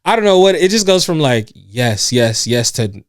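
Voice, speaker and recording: A man's voice: a little high, very animated, moderate pace, no room sound, studio quality. A man co-hosting a podcast in casual chat, telling stories, laughing often and acting out what others said. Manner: storytelling, laughs often, acts out quotes. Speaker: podcast co-host. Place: indoors on a couch.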